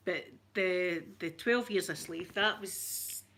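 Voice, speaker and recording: Bright-voiced woman, chatty and emotional. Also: on the low side, takes it slowly, a little hiss or hum. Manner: chatty, emotional, open about feelings. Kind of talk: casual chat answering viewers.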